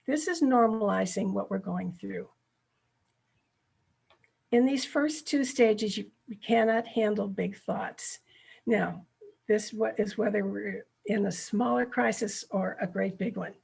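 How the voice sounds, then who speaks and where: Gravelly-voiced woman leading a ministry workshop. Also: mid-range voice, measured pace, a little mellow. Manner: earnest, checks in with "right?". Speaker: workshop presenter. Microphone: video call.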